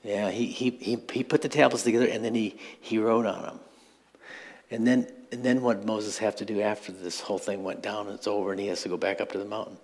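A male pastor delivers a sermon in a loose, conversational way, breaking off for asides and small chuckles. His voice sits on the low side with a husky edge. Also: little pitch movement, brisk, a little mellow.

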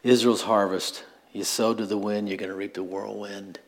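A male pastor delivers a sermon in a loose, conversational way, breaking off for asides and small chuckles. His voice sits on the low side with a husky edge. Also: flat delivery, moderate pace.

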